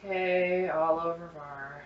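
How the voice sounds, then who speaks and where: A woman chatting excitedly to her viewers as she cooks, thinking out loud in a casual vlog. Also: on the low side, slow pace, reverberant, distant mic, lo-fi sound, slight background noise. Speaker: cooking vlogger. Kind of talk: casual cooking vlog, talking to camera. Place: home kitchen.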